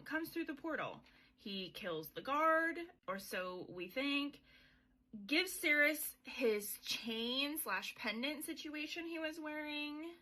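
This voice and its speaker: A young woman with a bright, lively tone and a slightly high voice, recapping a book for a podcast. She talks in a loose, chatty way, full of swearing and offhand asides. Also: low-quality recording. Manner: chatty, profane, irreverent. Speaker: podcast host.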